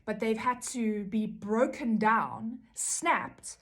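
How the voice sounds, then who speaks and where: A woman's voice: on the high side, slow, fairly bright tone. A woman talking casually to camera about codependency recovery, earnest and rambling, often checking in with "you know" and "right?". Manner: earnest, rambling, many fillers and "right?" tags.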